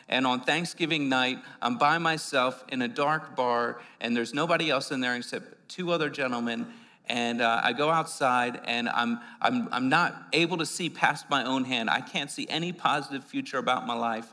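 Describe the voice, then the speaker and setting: With a bright, forceful voice of medium pitch at normal speed, a man delivers a chatty sermon in a church sanctuary. He repeats words and uses fillers as he goes, and long hall reverb surrounds him.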